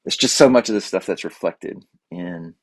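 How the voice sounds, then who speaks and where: A man hosting a solo podcast, talking in a rambling, halting way with many restarts. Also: deep voice, no room sound. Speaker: podcast host. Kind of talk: casual solo podcast monologue.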